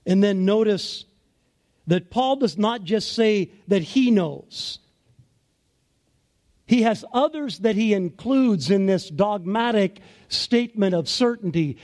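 A man preaching a sermon as pastor, in a slow, deliberate and emphatic way. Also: high voice, lively intonation, darkish tone.

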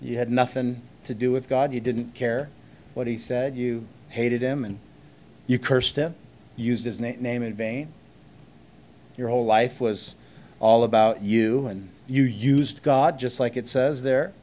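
Male pastor, mid-pitched voice, conversational sermon, rhetorical questions, deliberate pauses. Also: steady tone, mellow, slight background noise.

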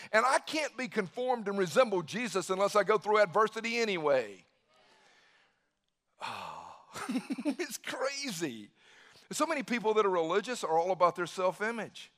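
A man preaching a sermon, swinging from quiet musing to loud bursts and repeating phrases for emphasis. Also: high-pitched, big pitch swings, normal speed. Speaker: pastor.

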